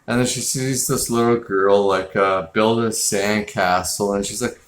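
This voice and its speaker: A man's voice: lowish voice, fairly even intonation, a little slow, reverberant. A man hosting a casual film review show, talking in a rambling, blunt and profane way with lots of fillers. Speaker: film review podcast host.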